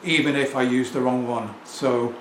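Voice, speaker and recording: A man's voice: mid-range voice, flat delivery, moderate pace. Chatty middle-aged Englishman in an echoey room. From England. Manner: chatty, rambling, self-assured. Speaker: record seller and vlogger. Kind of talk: casual talk to camera. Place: home room with turntable. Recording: echoey room with faint ambient noise.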